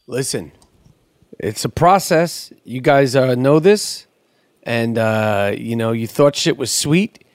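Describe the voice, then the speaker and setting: A man hosting a podcast in casual sports chat, animated, stammering through restarts and swearing freely. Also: medium pitch, takes it slowly, no echo, clean studio sound. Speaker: podcast host.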